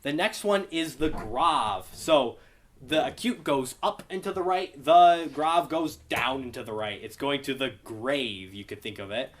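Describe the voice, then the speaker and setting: A man's voice: mid-range voice, unhurried. A young man teaching a casual beginner Greek class, explaining patiently and asking his students for questions. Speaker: Bible study Greek teacher.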